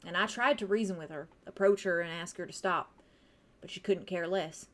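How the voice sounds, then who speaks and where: A woman voicing a grieving middle-aged male scientist who talks in a courteous, measured and coaxing way. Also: lowish voice, fairly bright tone, close to an everyday voice.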